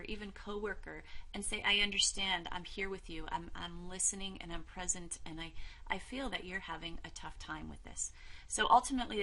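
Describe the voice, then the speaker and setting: Woman instructor, lowish voice, bright tone, calm and encouraging. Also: creaky, poor audio. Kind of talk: explaining a role-play lesson to camera.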